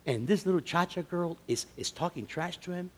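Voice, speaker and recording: A man preaching with a fairly high voice, his words ringing out in a large hall with a long reverb. He tells stories conversationally, then builds to loud, emphatic preaching. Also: moderate pace. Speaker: conference speaker. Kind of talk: storytelling sermon. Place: men's conference hall.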